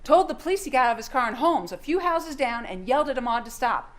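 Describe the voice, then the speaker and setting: A woman's voice: high voice, animated, quick pace. A woman prosecutor giving a courtroom closing argument, firing pointed rhetorical questions at the jury. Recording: roomy courtroom sound, faint hum.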